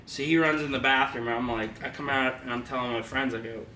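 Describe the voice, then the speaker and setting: A man's voice: mid-range voice, steady tone, fast talker, few pauses, bright, forceful tone. A man casually telling a funny story, laughing often and acting out the quotes. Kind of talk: casual chat. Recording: echoey room, distant mic, background noise.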